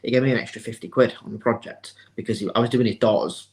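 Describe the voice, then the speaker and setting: A man's voice: medium pitch, steady tone, fast, low-quality recording. A man hosting a podcast interview, chatting casually and often backing up his guest with short agreements. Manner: agreeable, frequent short backchannels. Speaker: podcast host.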